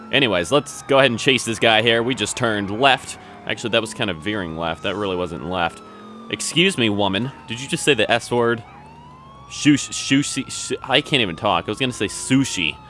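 A man joking his way through gameplay commentary, playing at police radio talk and getting excitable when things go wrong. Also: fairly low pitch, slight background noise. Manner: jokey, rambling, mock police radio talk, excitable outbursts. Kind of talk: joking let's-play commentary.

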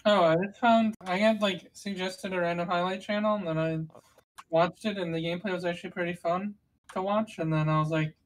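A woman's voice: lowish voice, fairly even intonation, fairly quick, slight background noise, poor audio. A woman co-hosting a gaming podcast, explaining strategy in long, rambling runs with many restarts. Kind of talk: casual gaming chat.

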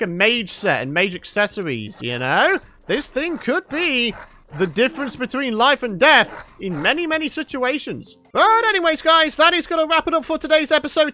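Guy doing let's play commentary, bright voice, jumps all over in pitch. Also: dry recording. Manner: excitable, exclaiming and laughing often. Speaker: gaming YouTuber.

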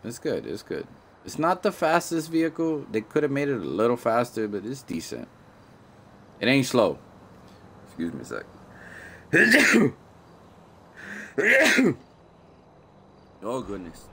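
A man's voice: mid-range voice, huge pitch swings, takes it slowly, gravelly, pauses often, pushed and bright, slight background noise. A man doing casual live-stream commentary on a video game, playful and slangy, often repeating himself and apologizing. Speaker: gaming streamer.

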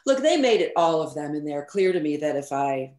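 Frank, animated woman with a low voice. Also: brisk. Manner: animated, frank, swears casually, many fillers. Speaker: guest recording engineer. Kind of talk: casual interview storytelling. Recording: roomy echo.

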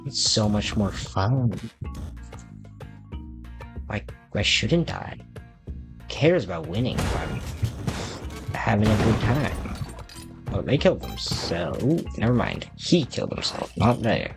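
A man's voice: on the low side, big pitch swings, slow pace, long pauses. A man giving rambling, self-deprecating commentary while playing a video game, chatting to the characters on screen. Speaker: gaming video creator. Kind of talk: casual gameplay commentary. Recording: music playing behind the voice.

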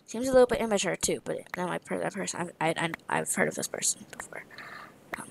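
Tired, gravelly woman gaming commentator. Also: lowish voice, fast talker, noisy background. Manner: rambling, playful trash talk with muttered asides. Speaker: gamer commentating her own play. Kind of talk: casual gameplay commentary.

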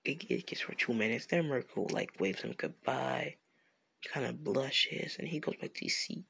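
A man's voice: medium pitch, expressive, moderate pace, vocal fry, sharp tone, breathy edge. A man improvising a fan story off the top of his head, rambling and self-correcting with a slangy, casual manner. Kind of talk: improvised fan-fiction narration.

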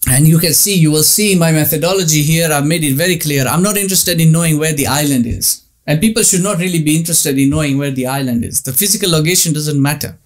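Guy giving a religious lecture, kinda high voice, stresses points and repeats them. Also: fast talker, few pauses. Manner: emphatic, repeats phrases, rhetorical questions.

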